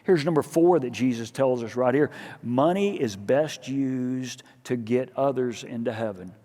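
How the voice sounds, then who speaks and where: A man preaching a sermon as pastor, telling a story with lively acted-out dialogue. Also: mid-range voice, measured pace. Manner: animated storytelling, acting out dialogue in his own voice. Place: church sanctuary. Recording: church hall with long reverb.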